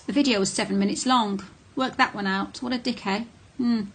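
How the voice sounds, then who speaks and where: A woman's voice: fairly high pitch, steady tone, brisk, a bit bright, husky. A middle-aged woman talking casually to camera, blunt and candid, with frequent ums and restarts. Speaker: vlogger on narcissistic abuse.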